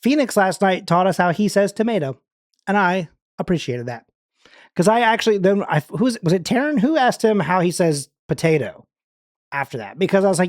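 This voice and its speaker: A man's voice: high voice, lively intonation, a little fast, dry recording, clean studio sound. A man hosting a livestream in casual, rambling chat, full of fillers and restarts. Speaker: livestream host.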